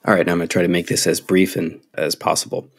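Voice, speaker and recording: Deep gravelly man recapping casually. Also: flat delivery. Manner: rambling, halting with fillers and restarts. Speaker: podcast co-host. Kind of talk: casual podcast chat and episode recap.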